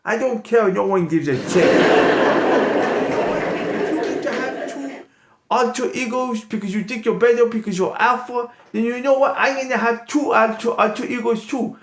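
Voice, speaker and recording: Man doing a squeaky ranting braggart. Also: moderate pace, a faint crowd. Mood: boastful. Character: boastful, excitable jealous lone-wolf man. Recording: echoey room, loud background noise.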